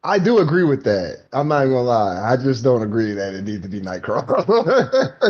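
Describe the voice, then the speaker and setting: Husky man ranting emotionally, muffled sound. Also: mid-range voice, very animated, normal speed, darkish tone. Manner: emotional, profane, laughing rant. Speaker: podcast co-host. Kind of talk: casual review chat.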